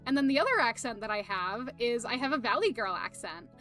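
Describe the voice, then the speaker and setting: A woman's voice: on the high side, lively intonation, fairly quick, a bit bright, soft background music. A young woman streaming, chatting casually to viewers, rambling with lots of fillers, laughter and swearing.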